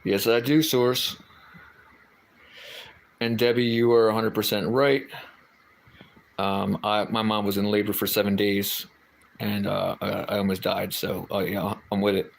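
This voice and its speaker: Low-voiced guy on a livestream, ums and restarts everywhere, chatting to viewers. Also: level tone, a little slow, creaky, long pauses, low-quality recording. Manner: rambling, hesitant, lots of fillers and restarts. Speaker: livestream host. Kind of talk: casual chat, reading out viewer comments.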